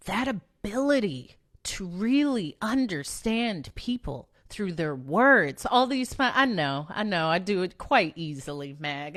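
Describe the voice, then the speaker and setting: A woman's voice: medium pitch, fairly bright tone. A woman hosting her own podcast, talking casually and thoughtfully as she tells a personal story, correcting herself and laughing at her own words. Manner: slow and reflective, with self-corrections and small laughs. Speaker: podcast host.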